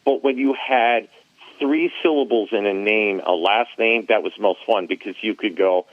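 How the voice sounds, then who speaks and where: Man, animated storyteller, casual podcast chat, tinny phone line, dry sound. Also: fairly low pitch, moderate pace, no echo. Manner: animated storyteller, laughs at his own tales. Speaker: former arena announcer, guest.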